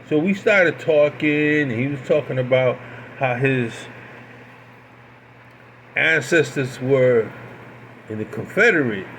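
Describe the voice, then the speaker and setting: A man from Puerto Rico telling a story in an animated way, repeating phrases for emphasis. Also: fairly high pitch, a little hiss or hum. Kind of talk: casual storytelling.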